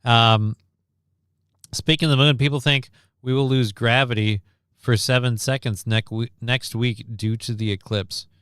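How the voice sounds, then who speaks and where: Brief: male host, loose and profane, smooth clear voice, dry close sound. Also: medium pitch, steady tone, unhurried, fairly bright tone, no room sound. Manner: rambling, profane, joking. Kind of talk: casual chat.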